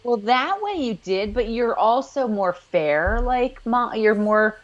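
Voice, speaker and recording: 女性，语调起伏很大，音质发闷. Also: female voice, a little high, slow pace, muffled recording. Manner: animated, acts out characters in playful voices. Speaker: podcast co-host. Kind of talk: casual recap chat.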